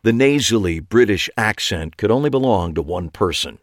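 A man narrating a first-person audiobook in a wry, expressive way. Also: lowish voice, normal speed, no room sound, studio quality.

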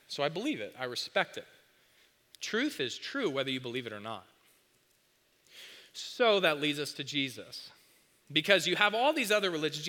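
Bright-voiced man preaching in a hall. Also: mid-range voice. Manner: conversational, emphatic, asks the crowd. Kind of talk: sermon. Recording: long hall reverb.

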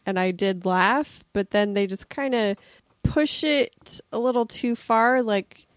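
A woman speaks slowly and deliberately in a casual chat, explaining her view plainly. Her voice is dry and close to the mic. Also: mid-range voice, no echo.

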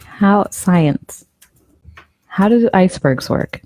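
A woman's voice: mid-range voice, expressive, slow, warm tone, no room sound. A woman co-hosting a casual podcast, musing and rambling with many fillers. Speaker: podcast co-host.

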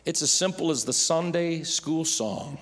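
A man preaching a sermon as pastor, swinging from loud, emphatic calls down to soft, hushed near-whispers. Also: on the high side, measured pace, big-room sound.

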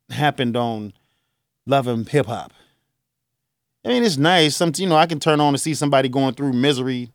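A man's voice: medium pitch, dry recording, studio quality. A middle-aged man from Chicago, a radio host delivering an earnest, grieving talk-show monologue that rambles with restarts. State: choked up.

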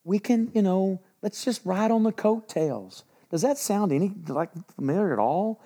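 A pastor delivers a sermon in a church in Texas, telling it as a folksy, lively story. His voice sits high for a man. He drops in asides and acts out quotes as he goes. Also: normal speed. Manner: folksy, animated storytelling with laughs and acted quotes.

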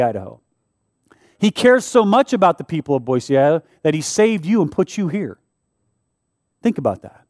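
A man's voice: high-pitched, a little mellow, no echo, clean studio sound. A man preaching a sermon as pastor of a local church, in a conversational way with rhetorical asides.

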